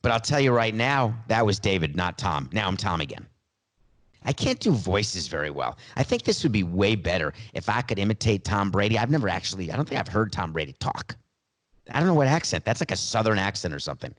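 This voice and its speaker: A man's voice: fairly low pitch, very animated, brisk. A man hosting a sports podcast, making sarcastic, wry asides. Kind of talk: podcast commentary.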